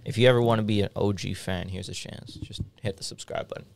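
A man's voice: fairly low pitch, fairly even intonation, quick pace, gravelly, slight background noise. A young man co-hosting a podcast, chatting casually in a studio and telling a story with frequent laughs. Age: young adult. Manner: laid-back storytelling, laughs often. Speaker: podcast co-host. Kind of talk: casual chat.

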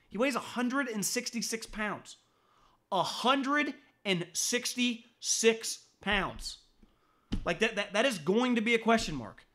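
A man hosting a sports podcast, blunt and profane, with stammering restarts as he gives his opinions. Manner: mocks critics in a high shouting voice. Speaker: podcast host.

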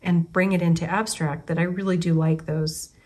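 A woman's voice: on the low side, level tone, moderate pace, darkish tone. A woman in her forties, an artist from the United States, thinking aloud in a casual, rambling way, often restarting her sentences. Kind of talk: casual spoken reflection.

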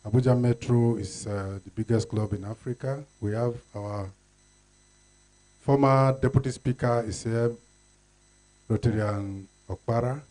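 A man's voice: medium pitch, fairly even intonation, a little slow, mellow. A man with a Nigerian accent serving as master of ceremonies at an event, making formal announcements with occasional fillers. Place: event hall.

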